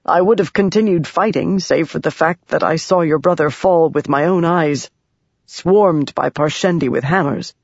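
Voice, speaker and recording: A narrator voicing a proud, scheming male high prince in an audiobook, speaking smoothly and formally with false sorrow. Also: moderate pace, no echo, close to an everyday voice. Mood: grave. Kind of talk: audiobook character voice. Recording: dry, dull lo-fi sound.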